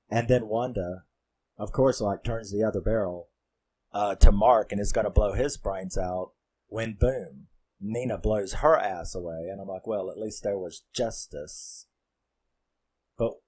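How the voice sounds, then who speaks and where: Rambling horror reviewer, male, lowish voice, swears a lot and gets worked up. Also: takes it slowly, pauses often, mellow, breathy edge. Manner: rambling, profane and fired up. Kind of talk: casual spoken film recap.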